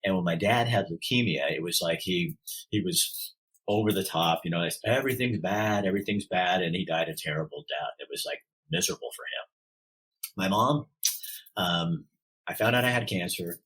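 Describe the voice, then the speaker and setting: Low, husky middle-aged man. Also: expressive, fairly bright tone, low-quality recording. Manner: heartfelt, halting with restarts. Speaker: podcast guest. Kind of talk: candid personal storytelling.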